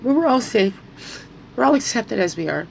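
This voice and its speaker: A woman's voice: a little high, sing-song, moderate pace, vocal fry, a little hiss or hum, poor audio. Woman rambling through tears. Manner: rambling, repeats words, voice rises when upset. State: crying at times. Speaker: spiritual guidance vlogger. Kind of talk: emotional personal monologue.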